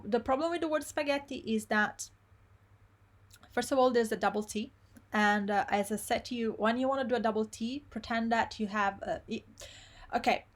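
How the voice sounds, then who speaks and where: Woman teaching pronunciation. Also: on the high side. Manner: slow, careful modeling of each syllable in pronunciation drills. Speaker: Italian language teacher. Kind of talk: live online language lesson.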